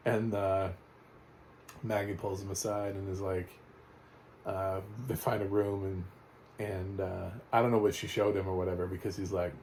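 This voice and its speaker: A man's voice: low-pitched, level tone, measured pace, pauses often, darkish tone, slight background noise. A man giving a casual spoken TV recap, rambling and blunt, with fillers and restarts and the odd swear word. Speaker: TV reviewer.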